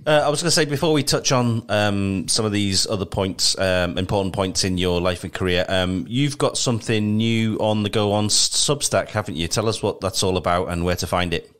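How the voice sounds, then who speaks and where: A man hosting a podcast, easing into a question for his guest with a relaxed, hesitant manner. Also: lowish voice, a little fast, hardly any pauses, smooth. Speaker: podcast host. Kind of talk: casual interview question.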